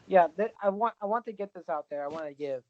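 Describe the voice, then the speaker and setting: A man's voice: high voice, fast, no room sound, lo-fi sound. A man co-hosting a casual podcast chat, speaking earnestly and with passion. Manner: earnest and impassioned. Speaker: podcast co-host.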